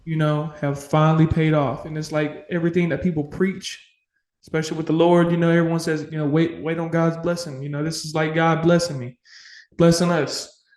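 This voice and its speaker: A man on a casual sports podcast, with a somewhat high voice, talks with raw passion and emotion and swears freely. He is recorded in a home room with a noticeable echo. He comes across fired up and heartfelt. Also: little pitch movement, brisk, a little mellow. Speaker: podcast co-host. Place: home room full of memorabilia.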